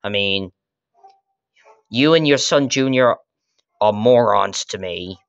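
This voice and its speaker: A man's voice: fairly low pitch, slow, gravelly, clear, resonant tone, dry recording. A man voicing a rude, dismissive adult male chef who speaks bluntly and scornfully. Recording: dull lo-fi recording.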